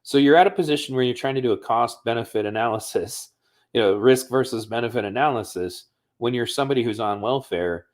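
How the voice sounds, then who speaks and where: A man from the United States with a mid-range voice talks a little fast on a livestream. The streamer tells a personal story casually and conversationally, with plenty of profanity.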